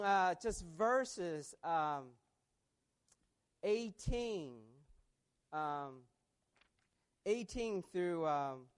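A woman delivering a sermon at an unhurried, deliberate pace. She reads scripture carefully, then lifts into emphatic, proclaiming lines for her congregation. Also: mid-range voice. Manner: measured, swelling into emphatic proclamation. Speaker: preacher.

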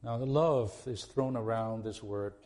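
A man's voice: fairly low pitch, a little slow, dark tone. A man preaching a sermon to a congregation, earnest and pleading, often restarting his phrases before pressing a point hard. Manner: earnest, repetitive restarts, rising to emphatic pleas.

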